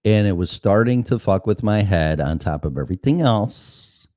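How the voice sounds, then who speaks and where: Host, male, middle-aged: deep voice, swooping lively delivery, dry close sound, cusses freely. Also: moderate pace, no room sound. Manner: profane, rambling, animated storytelling. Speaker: show host. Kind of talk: casual monologue.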